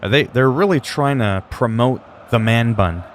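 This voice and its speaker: A man's voice: medium pitch, moderate pace, a little hiss or hum. A man chatting casually on a game livestream, rambling, joking and reading the chat aloud into a desk mic. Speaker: gaming livestreamer.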